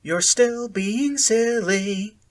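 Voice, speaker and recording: A narrator voicing a falsely sweet American woman who holds a kidnapped girl, talking gently in a cheerful sing-song. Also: mid-range voice, sing-song, normal speed, husky, voice pushed up. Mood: sing-song soothing.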